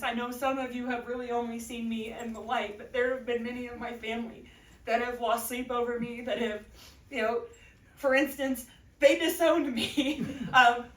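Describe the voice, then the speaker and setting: Middle-aged woman, high voice, earnest church testimony, teary edges, distant echoey room mic. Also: a bit bright. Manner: earnest, tearful at times, laughing between phrases. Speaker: church member giving a testimony. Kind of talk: emotional personal testimony.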